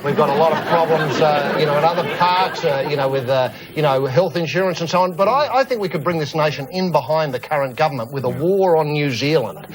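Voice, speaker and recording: Australian male comic host, high-pitched and pompous, builds rambling theories into rousing rants over crowd noise. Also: fairly quick, few pauses, low-quality recording. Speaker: comedy talk show co-host. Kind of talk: mock-serious comic banter. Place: TV studio with live audience. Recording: studio audience crowd noise.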